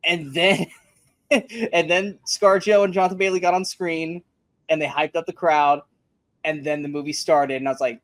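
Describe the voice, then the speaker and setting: A man's voice: fairly high pitch, fairly even intonation, moderate pace, fairly bright tone, no room sound. A man co-hosting a casual movie review podcast, ranting emphatically and swearing freely. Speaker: podcast co-host.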